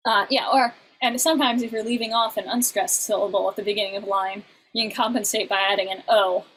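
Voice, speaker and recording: A woman teaching an online class, explaining in halting bursts and now and then breaking into short sung examples. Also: mid-range voice, fairly even intonation, a bit bright, faint music behind, rough recording.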